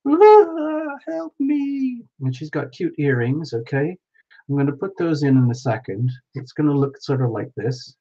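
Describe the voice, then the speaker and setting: A man's voice: mid-range voice, normal speed, warm tone, breathy edge. A playful man chatting with his live viewers as he paints, narrating each step with frequent exclamations. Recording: dull lo-fi sound.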